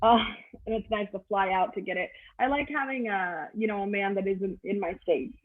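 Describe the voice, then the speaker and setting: A woman's voice: medium pitch, normal speed. A middle-aged woman performs stand-up comedy over a video call, her delivery crude and offhand. Her voice sits in a middle register. The sound is tinny and narrow, like a phone line.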